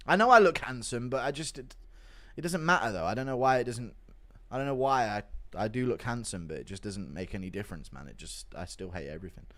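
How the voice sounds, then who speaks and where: A man livestreaming and reading viewer donations in a casual chat, mumbling in a downbeat way, breaking into loud ranting bursts, and swearing freely. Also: mid-range voice, quick pace. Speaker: streamer.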